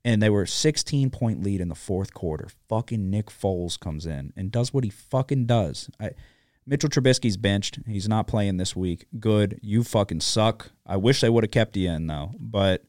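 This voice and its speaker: A man's voice: on the low side, normal speed, darkish tone, dry recording, clean studio sound. A man co-hosting a sports betting podcast, ranting with frequent profanity in casual chat.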